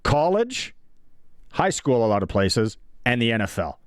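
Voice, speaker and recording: A Canadian man co-hosting a sports radio show, telling stories in a casual and animated way and acting out the people he quotes. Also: lowish voice, a little fast, clear, resonant tone, no room sound, studio quality. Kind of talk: casual chat, storytelling.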